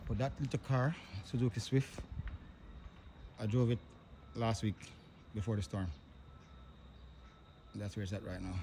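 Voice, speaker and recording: A man's voice: lowish voice, normal speed, long pauses, dark tone, a little hiss or hum. A man walking through a storm-wrecked truck yard outdoors, filming on a phone and narrating the damage in grief-stricken exclamations, often repeating himself. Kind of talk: handheld walkthrough narration.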